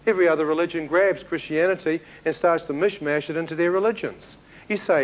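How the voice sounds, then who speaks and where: A man from New Zealand with a New Zealand accent, telling his testimony as a sermon and acting out the dialogue in an animated way. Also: fairly high pitch, brisk, highs cut off. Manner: animated storyteller who acts out dialogue, with laughs. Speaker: preacher giving a testimony.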